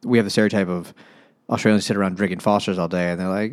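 A man's voice: low voice, fairly even intonation, quick pace. A man co-hosting a podcast in casual chat, with a dry, offhand way of talking. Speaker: podcast co-host.

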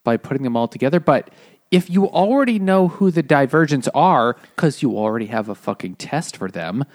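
A man's voice: medium pitch, very animated, a little fast, darkish tone. Man explaining plot logic in casual chat. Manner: explanatory, picking apart the logic. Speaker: podcast co-host.

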